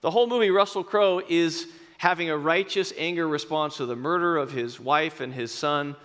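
Male pastor, sermon, conversational, self-deprecating, bright voice, long hall reverb. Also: fairly high pitch. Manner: conversational and self-deprecating, with emphatic slowed phrases.

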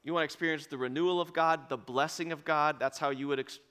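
A man preaching a sermon as pastor, telling a story with lively acted-out dialogue and bursts of laughter. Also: a little high, quick pace, clean tone. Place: church auditorium. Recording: long reverb of a large hall.

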